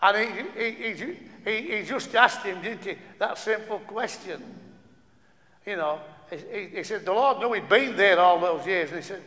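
A man's voice: high-pitched, lively intonation, normal speed, bright, forceful tone. A man preaching a sermon, stumbling over restarts and asking the listeners rhetorical questions. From northern England. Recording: long hall reverb.

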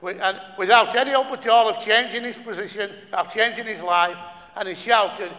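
High-voiced preacher in a hall. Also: male voice, moderate pace, sharp tone. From northern England. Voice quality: repetitive, stumbling restarts, rhetorical questions to the audience. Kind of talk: sermon. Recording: long hall reverb.

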